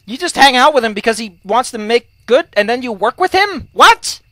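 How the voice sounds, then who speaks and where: A let's play commentator rants about game rules, heated and full of profanity. The voice is bright and pitch swings widely. The sound is dry and close. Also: brisk, dry recording. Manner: profane, heated, animated ranting. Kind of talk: gaming commentary, ranting.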